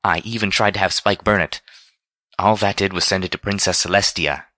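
A man reading a storybook voices a refined, proud unicorn mare who speaks in a prim, measured way. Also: low-pitched, fairly even intonation, sharp tone, no echo. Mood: calm.

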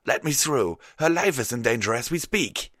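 A man's voice: expressive, moderate pace, no room sound, studio quality. A man voicing a panting, desperate unicorn stallion. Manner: urgent, pleading, pushed high and loud. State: out of breath. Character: frantic young unicorn stallion, breathless, desperate.

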